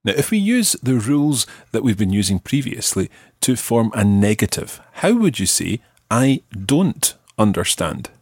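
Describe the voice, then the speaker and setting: A man's voice: fairly low pitch, big pitch swings, moderate pace, few pauses, darkish tone, husky, no room sound, clean studio sound. A man teaching a language lesson on a podcast, patiently prompting his learner with questions.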